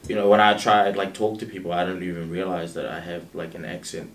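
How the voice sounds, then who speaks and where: Deep-voiced young man with a Kiwi accent. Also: fairly even intonation, fast, echoey room, far from the mic. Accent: New Zealand. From Zimbabwe. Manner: laid-back, laughs often, trails off into fillers. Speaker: guest, clothing entrepreneur. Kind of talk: casual interview chat.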